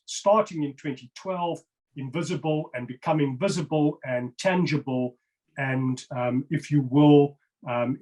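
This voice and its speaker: A man's voice: a little high, darkish tone, rough recording. A man on a video-call interview, explaining number patterns over slides in an emphatic, insistent way and repeating words for stress.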